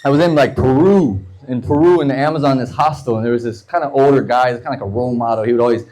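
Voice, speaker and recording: On a low-quality recording, a thirtysomething American comedian does a stand-up set of loose, foul-mouthed tales. His mid-range voice has a darkish tone, and he slips into quick impressions of the people he describes.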